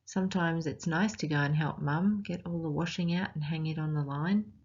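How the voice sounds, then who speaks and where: A woman's voice: low-pitched, slightly rough, highs cut off. A woman with an Australian accent, teaching as she reads a picture book aloud to children and asks them questions along the way. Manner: slow, expressive, questioning children.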